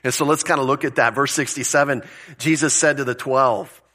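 A man's voice: medium pitch, steady tone, a little fast, pushed and bright. A male pastor giving a conversational sermon, explaining word meanings and asking rhetorical questions, with the odd chuckle.

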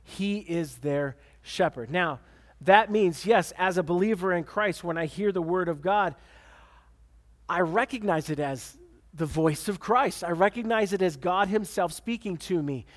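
A man preaching a sermon, reading scripture aloud and pressing his points with emphatic repetition. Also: a little slow. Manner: emphatic preaching with repeated words and sudden pitch swings. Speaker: pastor.

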